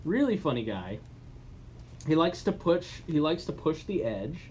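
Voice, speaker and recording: A man's voice: fairly high pitch, big pitch swings, measured pace, a little mellow, a little hiss or hum. A man co-hosting a podcast, talking casually with many fillers and restarts. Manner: chatty, with frequent restarts and fillers. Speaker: podcast co-host. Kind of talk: casual chat.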